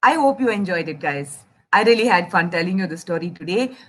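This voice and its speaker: A young Indian woman telling a children's story, animated and chatty, speaking straight to the kids listening. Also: fairly low pitch, a little fast. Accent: Indian English. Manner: animated, addresses kids directly.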